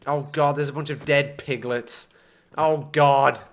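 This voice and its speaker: A young man commentating his own gameplay live, excitable and self-mocking, talking to chat. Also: a little high, unhurried. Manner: excitable, self-mocking, swings between frustration and laughter. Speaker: gaming streamer.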